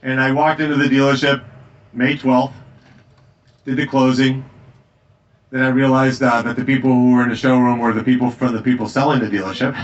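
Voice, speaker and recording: A man giving a campaign stump speech in a tavern, telling anecdotes in an emphatic, energetic way. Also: mid-range voice, distant mic, highs cut off, slight background noise. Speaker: political candidate. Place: tavern, indoors.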